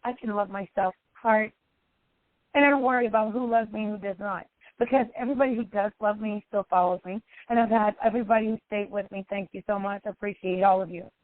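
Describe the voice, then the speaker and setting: A woman's voice: steady tone, fast talker, no room sound. Woman, life coach, emotional monologue, phone-like sound, dry. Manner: emotional, repetitive, sometimes cries out high. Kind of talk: personal monologue to followers.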